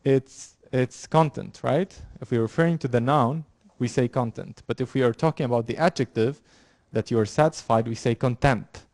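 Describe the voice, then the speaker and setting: A man's voice: medium pitch, a little mellow, dry recording. A man lecturing a university class, explaining with frequent fillers, repeated words and restarts. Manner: halting, many fillers and restarts. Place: lecture room.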